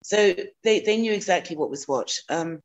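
A woman from South Africa, a guest answering interview questions thoughtfully, with many pauses and ums. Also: fairly low pitch, animated, dull audio.

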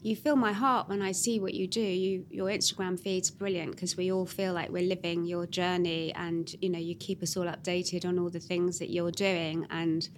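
A woman hosting a podcast, praising her guest in an effusive, encouraging and measured way. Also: fairly low pitch, flat delivery, a little hiss or hum. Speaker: podcast host. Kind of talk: podcast interview, closing remarks.

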